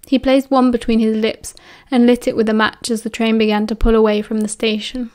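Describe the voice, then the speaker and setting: British female audiobook narrator, steady and expressive, slightly higher voice. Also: brisk, hardly any pauses.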